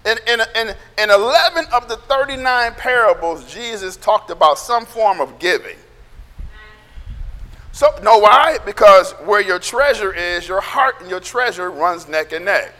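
High-voiced, fiery male preacher. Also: animated, a little slow, long reverb tail. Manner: loud, emphatic, sounds like yelling; calls for amens from the congregation. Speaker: pastor. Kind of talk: sermon.

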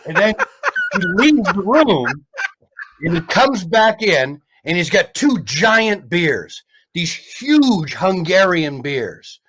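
A comedian guest telling a story in casual chat, rambling and animated with lots of restarts. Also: male voice, high-pitched, slow pace.

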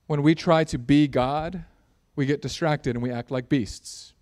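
A man preaching a sermon, animated and jokey, building in intensity at times. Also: a little high, measured pace, hardly any pauses. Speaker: pastor.

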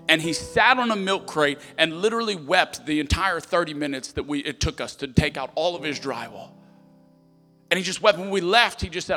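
A male pastor preaching a sermon through a story, dropping to hushed tones and rising to loud emphatic peaks. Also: a little high, animated, fairly quick. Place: church sanctuary. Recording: long hall reverb with faint music.

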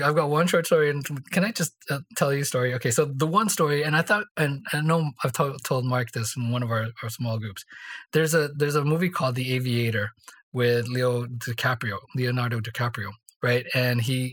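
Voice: mid-range voice, a bit bright. A podcast co-host telling stories in a casual faith discussion, rambling along and tagging sentences with "right?". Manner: rambling storyteller, tags lines with "right?".

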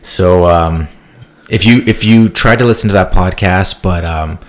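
A man's voice: low voice, unhurried. A man in his thirties telling a long, rambling, profane story as a podcast co-host. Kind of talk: casual storytelling chat.

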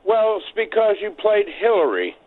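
A man's voice: sits high, sing-song. Rambling male caller over a tinny phone line. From Maryland. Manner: rambling, halting, full of fillers. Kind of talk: phone call to a radio show.

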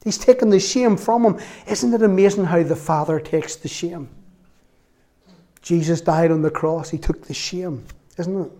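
A man preaching in a lively, conversational storytelling manner. His voice sits a little high, and he breaks into humorous asides and little laughs. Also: normal speed. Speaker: lay preacher. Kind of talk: storytelling sermon.

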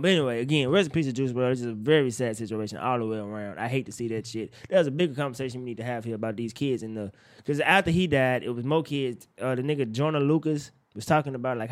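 A young man co-hosting a casual chat, animated and profane with loud outbursts, sounding tired. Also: medium pitch, fast. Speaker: podcast co-host.

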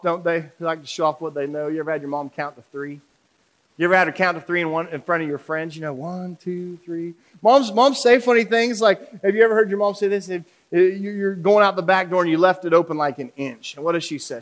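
High-voiced joking male pastor. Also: fairly bright tone. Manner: humorous, conversational, audience questions. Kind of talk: sermon.

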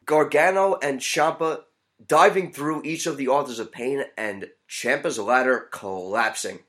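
A man hosts a wrestling podcast with a mid-range voice. He walks through the matches in a play-by-play recap and breaks into excited shouts when a moment grabs him. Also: mid-range voice, a little slow. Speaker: podcast host.

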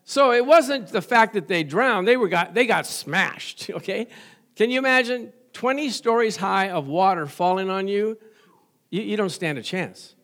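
Middle-aged male pastor, high voice, folksy, jokey sermon delivery with amen call-outs. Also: animated, normal speed, fairly bright tone. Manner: folksy, joking, asks the congregation for amens.

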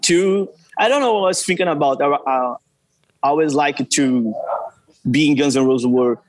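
Man, from Brazil, shy, laughing, broken English, higher voice. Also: moderate pace, no echo, poor audio. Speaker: guest. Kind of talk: casual interview answers.

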